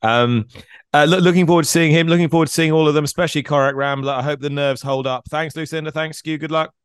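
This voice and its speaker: A man hosting a racing podcast who interviews guests in a brisk, jokey and enthusiastic way. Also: fairly high pitch, steady tone, smooth, no echo, clean studio sound. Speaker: podcast host. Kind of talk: interviewing and presenting.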